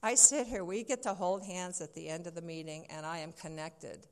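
A woman's voice: on the low side, fairly even intonation, normal speed, clean tone. A woman from Wisconsin sharing her personal story with a group, candid and laughing at herself. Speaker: speaker sharing at a recovery meeting.

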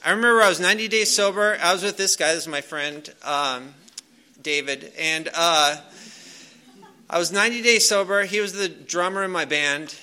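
A man with a slightly high, very bright and sharp voice tells a personal story to a crowd. He talks loosely and casually, with frequent fillers and restarts. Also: normal speed, clear, resonant tone. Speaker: speaker sharing a recovery story. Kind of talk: casual storytelling to a live audience.

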